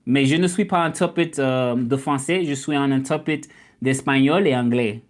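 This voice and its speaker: A young man with a Southern US accent from Memphis talks casually on a livestream. He is animated and a little indignant as he answers doubting commenters, and his voice sits at an ordinary middle pitch. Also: moderate pace. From Memphis, Tennessee, US. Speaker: livestream host.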